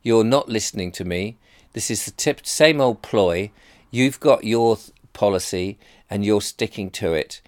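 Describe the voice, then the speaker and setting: A man's voice: on the low side, measured pace. A man, rambling and sarcastic in a casual rant to camera.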